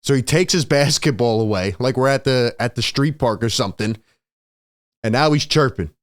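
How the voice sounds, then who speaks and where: A man hosting a casual basketball recap, excitable, laughing often and acting out what the players said. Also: mid-range voice, normal speed, no echo, clean studio sound. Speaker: sports video host. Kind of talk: casual game recap commentary.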